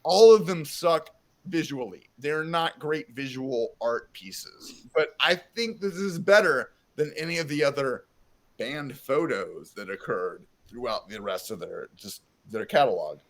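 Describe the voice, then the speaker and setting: A man's voice: medium pitch, expressive, measured pace, fairly bright tone. A man co-hosting a casual podcast chat, rambling and profane, joking at his own expense and drifting into a put-on Southern drawl. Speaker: podcast co-host.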